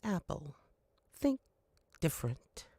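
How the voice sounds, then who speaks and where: Woman, from Canada, commercial tags, playful, lively pitch, unhurried, dry close sound. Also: breathy edge, no echo. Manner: playful, dramatic delivery with big pitch swings. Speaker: voice-over contestant.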